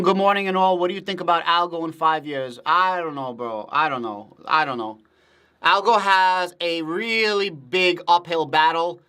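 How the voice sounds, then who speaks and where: A man's voice: fairly high pitch, pushed and bright. A man for whom Russian is a first language, hosting a casual livestream, answering viewer comments in a blunt, profane and emphatic way. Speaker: livestream host.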